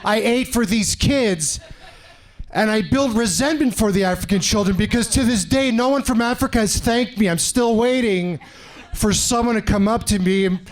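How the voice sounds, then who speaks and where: A Canadian man in his forties performs stand-up on a club stage in a high-pitched voice at normal speed. He tells stories animatedly and imitates other people's voices while the audience laughs.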